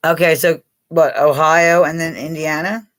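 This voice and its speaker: A woman's voice: deep voice, steady tone, a little slow, dry recording. Older woman, from Pennsylvania, rambling live-stream chat, salty language, dry close sound. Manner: rambling, swears freely, laughs often. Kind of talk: casual live chat with viewers.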